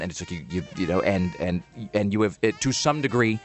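A man hosting a podcast in casual chat, rambling and animated, with many restarts and fillers. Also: sits low, brisk, soft background music. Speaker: podcast host.

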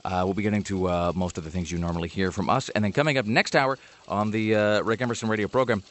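A man hosting a radio show in casual banter, rambling with lots of fillers and restarts, slipping into animated impressions. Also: lowish voice, fast talker. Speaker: radio host.

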